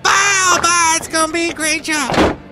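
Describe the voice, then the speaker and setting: Rodeo queen, a man in falsetto: shrill, high, twangy and folksy. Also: steady tone, unhurried, heavy background noise. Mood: chipper.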